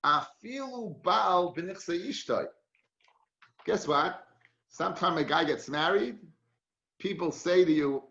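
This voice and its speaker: A man's voice: high voice, animated, slow pace, gravelly, pauses often, sharp tone, reverberant, lo-fi sound. A man, a rabbi giving an informal Talmud class, chatty and storytelling, dropping Hebrew and Yiddish terms into his English.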